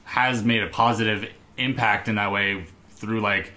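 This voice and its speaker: A man's voice: lowish voice, steady tone, unhurried, sharp tone. Casual man rambling with lots of fillers. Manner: rambling, heavy on fillers and swearing. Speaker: podcast co-host. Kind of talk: casual chat.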